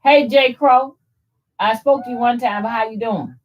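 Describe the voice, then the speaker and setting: A middle-aged woman, a rootworker who hosts her own channel, runs a casual livestream chat, folksy and profane, greeting viewers by name. Her voice is fairly high and steady at a normal speed, though the audio sounds dull.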